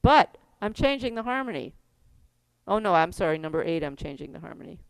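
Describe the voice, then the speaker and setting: A woman's voice: lowish voice, big pitch swings, fairly quick, clean tone, dry recording. A middle-aged woman teaching a keyboard class, giving step-by-step instructions in a chatty way and laughing often.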